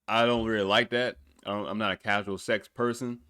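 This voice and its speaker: A man's voice: fairly low pitch, steady tone, fairly quick, bright, forceful tone, dry recording, studio quality. A man hosting a podcast, reacting to a music video in casual, blunt, profane talk, often breaking into incredulous laughter. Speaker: podcast host.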